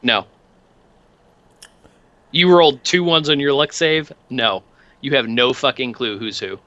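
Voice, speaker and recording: Bright-voiced man running a tabletop game. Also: mid-range voice, measured pace, no room sound, highs cut off. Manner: loose, filler-heavy describing. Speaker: game master.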